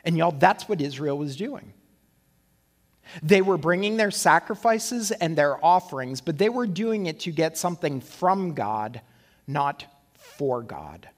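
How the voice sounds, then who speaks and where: A male pastor preaching a sermon, conversational and animated, posing rhetorical questions. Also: on the high side, measured pace. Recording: long hall reverb.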